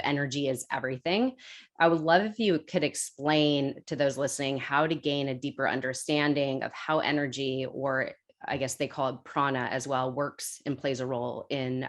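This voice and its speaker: Very low-voiced woman podcast host. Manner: enthusiastic, encouraging. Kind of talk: interview questions.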